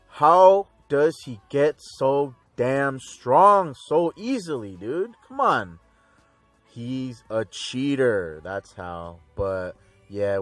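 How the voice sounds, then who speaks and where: A man's voice: mid-range voice, dry recording. A young man hosting a casual fan theory video, rambling with slang and restarts. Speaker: YouTube theory host.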